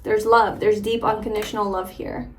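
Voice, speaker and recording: Over slight background noise, a young woman reads tarot casually for a viewer in a mid-range voice that barely moves in pitch. She talks at a moderate pace, warm and chatty, with lots of fillers like "like" and "um."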